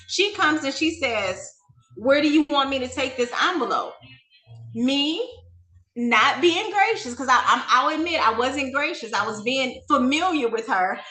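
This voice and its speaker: A woman hosts a talk show and tells a story with animated emphasis. Her voice is high and bright. The room is echoey, and faint music plays underneath. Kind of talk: storytelling to an audience.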